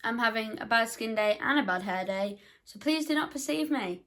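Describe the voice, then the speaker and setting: A young woman talks casually to her camera. Her voice sits a little high. She is chatty and self-deprecating and keeps slipping in quick, defensive asides. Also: animated, fairly bright tone. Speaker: book vlogger.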